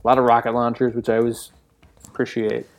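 A man's voice: mid-range voice, completely flat delivery, fast, vocal fry. A man co-hosting a casual chat, hesitating with fillers and chuckling. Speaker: podcast co-host.

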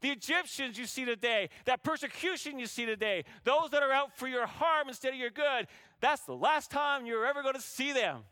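A man delivers a sermon in a high, bright voice that stays smooth and clear. He keeps pressing listeners with rhetorical questions and voices scripture characters with rising intensity. The sound is dry and close. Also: lively intonation, normal speed, no room sound. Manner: preaching with rhetorical questions to a congregation; acts out biblical speakers in raised voice. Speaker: pastor.

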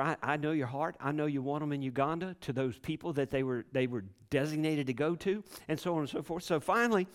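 A man, a pastor telling a story in a sermon, rambling and repeating himself with many restarts. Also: on the high side.

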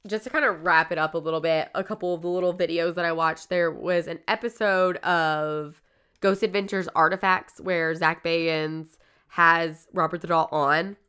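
Woman, podcast host, low voice, smooth tone, casual story chat, swears a lot. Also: fairly even intonation, moderate pace, sharp tone. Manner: loose, profane, lots of "like".

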